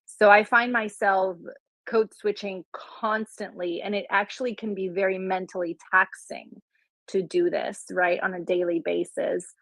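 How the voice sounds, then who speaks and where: A woman's voice: mid-range voice, level tone, a little slow, fairly bright tone, no room sound, poor audio. A woman from Rico, speaking as a guest in a casual live audio chat in a gracious, effusive way. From Puerto Rico. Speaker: guest speaker and content creator.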